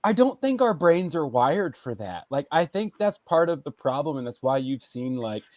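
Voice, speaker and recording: A man's voice: a little high, big pitch swings, moderate pace, a little mellow, no echo. A man in his thirties co-hosting a casual podcast, talking in a rambling, reflective way with lots of fillers. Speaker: podcast co-host. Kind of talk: casual chat.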